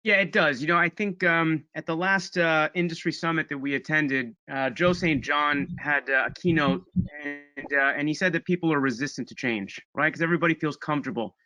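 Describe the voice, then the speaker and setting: A man's voice: a little high, a little fast, bright, forceful tone, no room sound, muffled recording. A man co-hosting a webinar panel, speaking hesitantly with many fillers. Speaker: webinar co-host. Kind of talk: casual panel talk.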